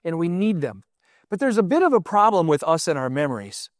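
A man's voice: a little high, fairly quick, no echo, studio quality. A man preaching a sermon in a conversational way, often asking his listeners questions and telling stories. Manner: conversational, asks the audience questions, animated storytelling.

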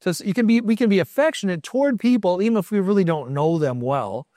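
A man's voice: sits high, lively intonation, fast, warm tone, dry recording, studio quality. A middle-aged American man giving a sermon in a conversational, storytelling way, stressing his points with short affirmations. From United States. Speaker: congregation leader.

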